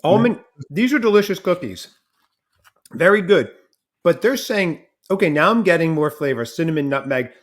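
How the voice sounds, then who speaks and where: Chatty higher-voiced man hosting. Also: animated, moderate pace. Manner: chatty, jokey, thinks aloud while tasting. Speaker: podcast host. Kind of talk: casual chat, food taste test.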